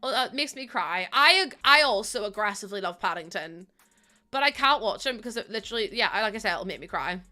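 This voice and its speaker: A woman's voice: medium pitch, lively intonation, fast talker, bright, forceful tone. A young woman live-streaming, chatting casually with her chat, giggling often and greeting viewers as she talks.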